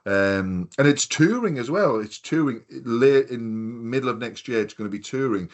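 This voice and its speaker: A man's voice: medium pitch, animated, moderate pace. A man in his fifties chatting casually on a podcast, telling rambling anecdotes full of swearing and quoted voices. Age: 50s. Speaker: podcast co-host. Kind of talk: casual chat, storytelling.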